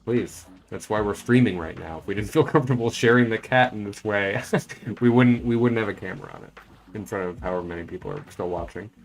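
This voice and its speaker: A man's voice: on the low side, fairly quick, soft background music. Man rambling casually over a game stream. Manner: rambling, thinking aloud. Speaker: streamer and voice actor.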